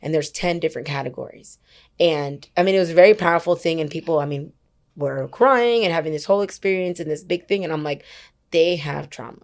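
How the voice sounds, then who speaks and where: Chatty young woman with a lowish voice. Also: fast talker. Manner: animated storyteller who acts out quoted dialogue; chatty, uses many fillers like "like" and "whatever". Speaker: podcast guest, worship leader. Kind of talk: casual podcast chat.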